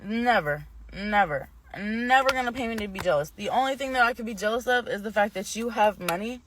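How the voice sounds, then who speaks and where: A woman's voice: mid-range voice, fairly quick, noisy background. A young woman vlogging, telling a personal story in a rambling, candid way, often indignant. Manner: grows heated and indignant. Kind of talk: casual storytime monologue.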